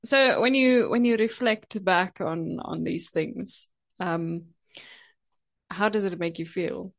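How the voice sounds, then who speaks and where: A woman interviewing a guest, asking slow, drawn-out questions. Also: on the low side.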